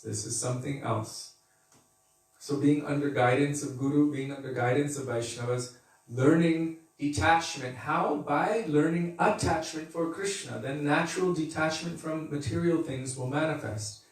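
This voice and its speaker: Male spiritual teacher, easygoing, chatty class tone; recorded far off in a very echoey room. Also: fairly high pitch. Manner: conversational, laughs and acts out quotes. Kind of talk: devotional scripture class.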